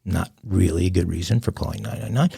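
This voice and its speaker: A man's voice: sits low, quick pace, vocal fry, warm tone, husky. A middle-aged man co-hosting a crime-news podcast, recounting a story with wry jokes. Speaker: podcast co-host.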